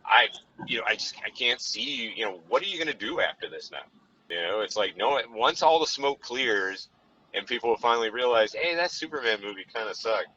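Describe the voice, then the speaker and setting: A podcast co-host talks films casually while driving, rambling and leaning on "you know" fillers. He speaks briskly in a medium-pitched, animated voice with a sharp tone, and the audio is dull and lo-fi with a faint background hum.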